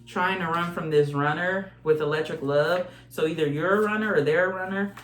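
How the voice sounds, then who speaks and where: A woman's voice: on the low side, a little fast. Blunt, swearing tarot reader woman. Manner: blunt, swearing, sings song snippets. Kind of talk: casual tarot reading. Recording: echoey room with faint music.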